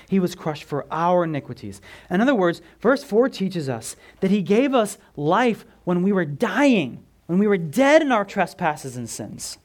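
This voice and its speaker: A man preaching a sermon as pastor, emphatic, asking the congregation questions and swinging from loud stressed words down to a near whisper. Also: high voice.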